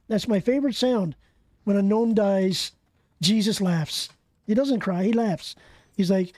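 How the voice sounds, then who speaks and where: A streamer giving excitable, profane live commentary while playing a game and bantering with viewers. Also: mid-range voice, unhurried, no room sound. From Canada.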